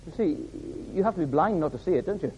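A man's voice: fairly high pitch, animated, fast, slightly rough. A man preaching a sermon in a church, stressing points by repeating his words. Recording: reverberant hall, dull lo-fi sound.

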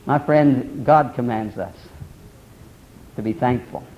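A man's voice: mid-range voice, slow pace, slight background noise. A man preaching a sermon, building emphatic rhetorical questions, in a dull lo-fi recording.

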